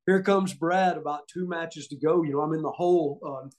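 Against a noisy background, a middle-aged former wrestler with a Southern US accent tells stories on a podcast at normal speed, his voice on the high side. He's animated and laughs often, voicing the quotes himself.

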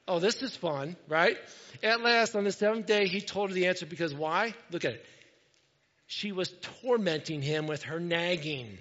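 A man delivers a lively sermon in a high voice, joking with his congregation as he goes. The sound is dull and lo-fi. A long reverb trails each line, as in a large hall. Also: normal speed. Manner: animated, jokey preaching with asides to the congregation. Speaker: pastor.

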